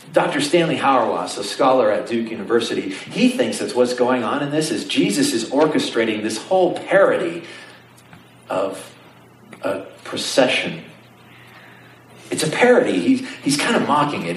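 A man preaching a sermon, telling the story with animated energy and asking his congregation questions. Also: medium pitch, moderate pace. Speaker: pastor. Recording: roomy sound from some distance, faint ambience.

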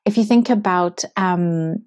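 A woman's voice: lowish voice, unhurried, darkish tone. A woman from Zimbabwe hosting a devotional podcast, talking in an earnest, reflective, conversational way. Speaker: podcast host.

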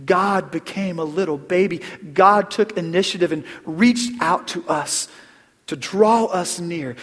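A middle-aged man preaching a Christmas sermon as pastor, earnest, repeating words and dropping to a hush on key phrases. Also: high voice, a little slow. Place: church sanctuary. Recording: long hall reverb.

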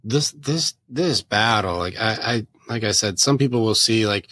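A man's voice: fairly low pitch, normal speed, fairly bright tone. A man hosting a podcast interview, talking emphatically and hammering his point home by repeating phrases. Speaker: podcast host.

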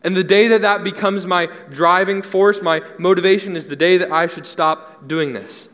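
A young man preaching to a congregation, his fairly high voice carrying an earnest, conversational warmth as he repeats key phrases for emphasis. The sound hangs in a large church hall with a long reverb tail. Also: steady tone, moderate pace. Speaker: pastor. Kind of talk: sermon.

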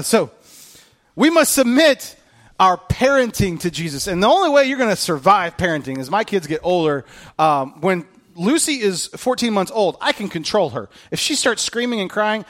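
A man in his thirties, a pastor preaching a sermon in an animated, joking, self-mocking way. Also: fairly high pitch.

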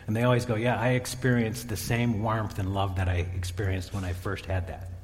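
A man preaching a sermon and retelling a Bible story with animated voices for its characters. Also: fairly low pitch, fairly quick, big-room sound, slight background noise. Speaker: pastor.

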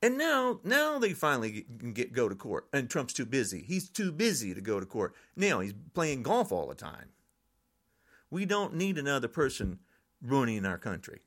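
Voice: mid-range voice, wildly swooping pitch, normal speed, a bit bright. An older podcast host in a frustrated, angry political rant.

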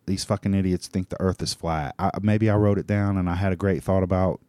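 A man's voice: low voice, steady tone, fairly quick, dark tone, no echo. A man hosting a solo talk show, rambling in a loose, profane monologue full of restarts and fillers. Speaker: podcast host.

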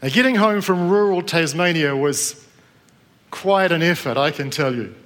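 A man's voice: a little high, lively intonation, moderate pace, fairly bright tone. A middle-aged man from New Zealand preaching to a live congregation, telling a personal story in a conversational way and asking the room questions.

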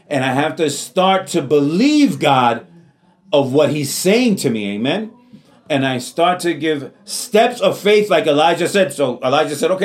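Earnest man preaching a sermon. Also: fairly high pitch. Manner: earnest, repeats phrases for emphasis, calls out amen. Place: church.

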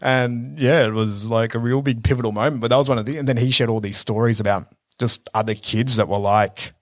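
A man, co-hosting a podcast, telling reflective stories in a relaxed way with lots of fillers. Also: mid-range voice, brisk, dry recording, studio quality. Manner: reflective storytelling with many fillers. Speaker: podcast co-host. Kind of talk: casual conversational chat.

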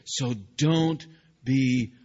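A man voicing a stern, fatherly divine figure in a slow, emphatic parental tone. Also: mid-range voice, fairly even intonation, a little mellow, dull audio.

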